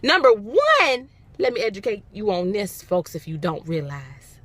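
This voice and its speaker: A woman's voice: mid-range voice, huge pitch swings, measured pace, fairly bright tone, no echo. A young woman vlogging casually to a handheld phone camera, telling a story with dramatic, emphatic repetition.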